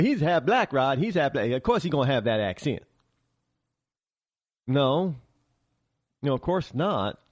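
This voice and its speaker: A middle-aged man hosting a talk show, delivering an animated, sarcastic monologue with lots of restarts. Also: medium pitch, no room sound, clean studio sound. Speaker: radio talk show host. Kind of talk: opinionated monologue.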